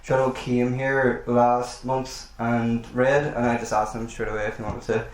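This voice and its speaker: A man's voice: mid-range voice, level tone, unhurried, a little hiss or hum. A man hosting a live poetry night in a bar, hesitant and apologetic, with lots of ums. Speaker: event host. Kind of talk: casual live introduction. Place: bar function room. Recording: echoey live room with crowd chatter.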